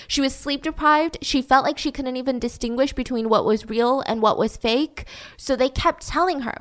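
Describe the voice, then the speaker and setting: A woman's voice: sits high, moderate pace. A woman retelling a true-crime story in a casual, chatty way, full of fillers.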